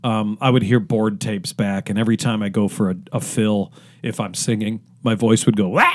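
A man's voice: on the low side, fairly even intonation, normal speed, a little mellow. A middle-aged man from Cleveland, a guest musician telling long stories in a casual interview, full of fillers and restarts. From Cleveland, Ohio. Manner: rambling with many fillers and restarts.

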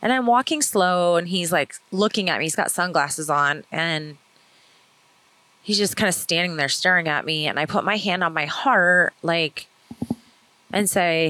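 Low-voiced woman, calm storytelling. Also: unhurried, no room sound, poor audio. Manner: calm, steady retelling. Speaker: podcast co-host, testimony speaker. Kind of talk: casual storytelling.

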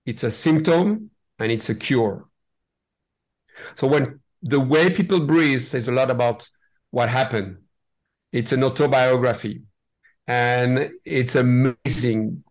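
A man's voice: mid-range voice, gravelly. Enthusiastic man explaining breathwork. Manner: enthusiastic, animated, many restarts and repeated words. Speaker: breathwork facilitator, guest. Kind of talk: interview conversation.

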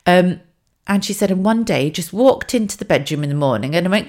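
A woman in her thirties talks through her week on her own podcast. Her voice sits low and deep. She chats in a lively, animated way, laughing often and restarting sentences as she goes. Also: a little fast. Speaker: podcast host. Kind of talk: casual monologue podcast.

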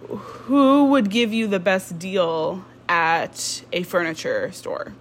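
A woman in her twenties hosts her own podcast at home, talking in an easy, unhurried, rambling way. She is candid and casual, full of ums and sudden asides. A faint room ambience sits behind her voice. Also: medium pitch, a little hiss or hum. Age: 20s. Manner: rambling, candid, with frequent ums and self-interruptions. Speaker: podcast host. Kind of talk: casual solo podcast chat. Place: indoors at home.

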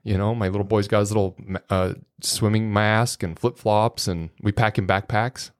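A man's voice: fairly low pitch, fairly even intonation, normal speed, clean tone. A middle-aged man, a podcast guest, telling rambling, folksy anecdotes full of quoted dialogue in a casual way. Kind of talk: casual storytelling.

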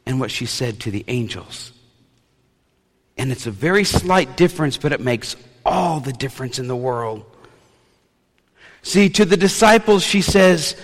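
Animated male preacher in a reverberant hall. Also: fairly high pitch. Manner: animated storytelling with playful asides. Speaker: pastor. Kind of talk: sermon.

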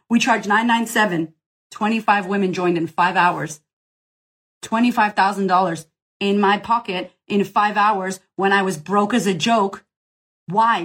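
A woman business coach hosting a live Q&A, giving a blunt, profane, energetic pep talk full of swearing and affection. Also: mid-range voice, husky. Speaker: business coach and podcast host. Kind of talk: live motivational Q&A.

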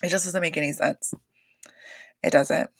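A low-voiced woman talking at normal speed recaps a reality show on a casual podcast, with slight background noise behind her desk microphone. She's gossipy and animated, curses a lot, and keeps saying "like" and "you guys."

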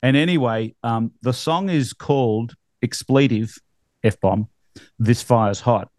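A man's voice: mid-range voice, slow pace, a little mellow, no echo. A middle-aged man with an Australian accent, hosting a podcast in casual, rambling chat full of fillers and easy laughs. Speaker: podcast host.

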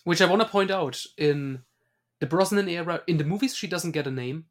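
A man co-hosting a casual movie podcast. He talks in a chatty way, often restarting his sentences. His voice sits slightly high for a man. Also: fairly quick. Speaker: podcast co-host. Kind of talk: casual film discussion.

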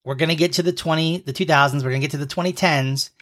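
Quizzing his partner on a casual podcast, this thirty-something co-host explains slang as a playful mock lesson. His voice is a little high and fairly bright, with a steady tone and a quick pace, recorded close to the mic.

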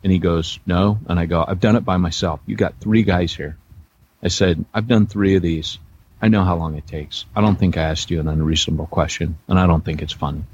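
A man's voice: sits low, animated, fairly quick, slightly rough, lo-fi sound. A middle-aged man co-hosting a podcast, telling rambling, self-deprecating stories with many restarts in a casual chat. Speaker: podcast co-host, church planter.

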